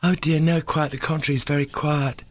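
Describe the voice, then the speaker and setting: Anxious young woman in a classic-novel audiobook, man voicing lifted pitch, hushed pleading delivery. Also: little pitch movement, brisk, dry recording, natural voice. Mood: worried pleading.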